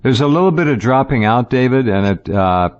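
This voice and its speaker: A man's voice: mid-range voice, lively intonation, fairly quick, a crowd in the background. A man hosting a radio talk show, chatting casually and often repeating words as he starts a sentence. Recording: dull lo-fi audio.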